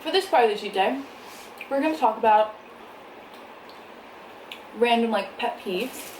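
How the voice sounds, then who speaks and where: A woman's voice: a little high, lively intonation, a little slow, darkish tone. A young woman chatting casually in a mukbang vlog, laughing often and talking between bites at home. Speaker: vlogger. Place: home, indoors. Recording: echoey room, faint background noise.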